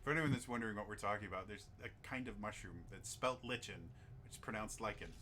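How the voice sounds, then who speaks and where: A man's voice: fairly low pitch, fast, sharp tone, slight background noise. A man playing a tabletop game, chatting and explaining things at length. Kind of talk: casual game table talk.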